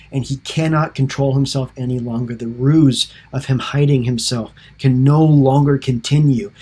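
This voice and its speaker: A man's voice: medium pitch, a little mellow, breathy edge. A man teaching a Bible study, talking earnestly and often restarting his sentences as he retells scripture. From United States. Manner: earnest, with frequent restarts and emotive paraphrase of scripture.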